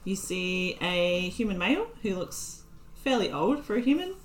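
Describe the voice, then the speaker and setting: A woman's voice: medium pitch, sing-song, moderate pace, roomy sound, a little hiss or hum, poor audio. A woman running a tabletop game as game master, describing scenes to the players.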